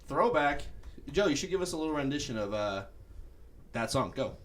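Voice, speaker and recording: A young man co-hosting a podcast in casual chat, animated and often breaking into laughter. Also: fairly high pitch, moderate pace, slight background noise. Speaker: podcast co-host.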